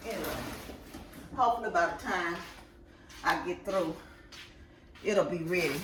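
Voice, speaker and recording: A woman's voice: on the low side, unhurried, pauses often, a bit bright, recorded from a distance. A woman vlogging casually at home, chatting straight to her viewers while she unpacks groceries. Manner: chatty, keeps addressing viewers directly. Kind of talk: casual vlog chat. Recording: echoey room with background noise.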